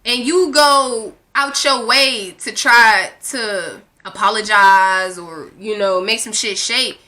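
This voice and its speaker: Sassy, animated young woman storyteller. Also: on the high side, a little slow. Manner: animated, sassy, swears freely, reads out text messages. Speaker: vlogger telling a dating story. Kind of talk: casual storytelling to viewers.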